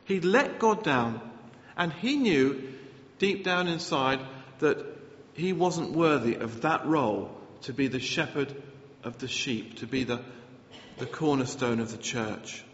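A man preaching a sermon, earnest and animated, often restarting his phrases. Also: medium pitch, measured pace. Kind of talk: sermon with Bible reading. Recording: echoey hall, slightly dull sound.

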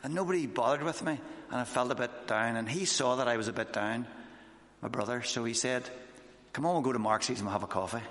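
A man's voice: fairly low pitch, fairly bright tone. A man, a missionary, giving an informal sermon with his own testimony, talking conversationally with fillers and restarts. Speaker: missionary preacher. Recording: echoey hall.

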